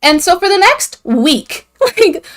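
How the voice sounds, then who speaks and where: A woman's voice: very high voice, very animated, takes it slowly. A young woman hosting a video, giving an irreverent, profane comedic recap of a story and acting out the characters' lines. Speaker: video host.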